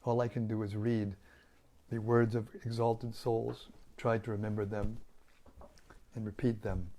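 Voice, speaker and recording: An older man with a raspy, gravelly voice that sits low and mellow. He talks gently and humbly, reflecting as a spiritual teacher who answers listeners over an online call. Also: flat delivery, measured pace, slight background noise. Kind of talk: casual devotional chat after a reading.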